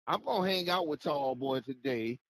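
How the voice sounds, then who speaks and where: A man's voice: fairly high pitch, expressive, normal speed, fairly bright tone, no room sound. A man co-hosting a livestream in an easygoing way, reminding viewers to subscribe. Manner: easygoing, plugs subscribe and merch. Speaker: co-host. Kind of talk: casual livestream chat.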